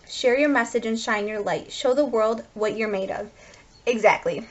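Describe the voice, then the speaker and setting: A woman's voice: a little high, moderate pace, muffled recording. A woman giving a tarot card reading, gushing and speaking straight to her viewers. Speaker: tarot reader.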